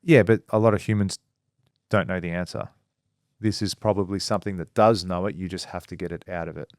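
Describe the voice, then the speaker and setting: Male podcast co-host, low voice, dry room, casual storyteller. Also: fairly even intonation, a little fast, darkish tone, no room sound. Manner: storytelling, quotes people in dialogue. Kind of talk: casual chat.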